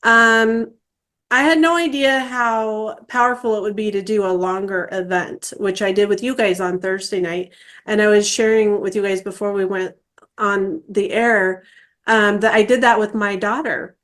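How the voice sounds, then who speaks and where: A woman in her forties hosts a casual interview, sharing her own experience in a warm, chatty way. She speaks at a middle pitch and pauses often on "um" and "uh". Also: fairly even intonation. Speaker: interview host.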